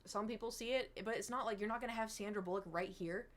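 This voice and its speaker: A young woman chatting casually with viewers on a livestream, rambling and animated, slipping into mocking impressions. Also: mid-range voice, quick pace. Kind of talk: casual stream chat with viewers.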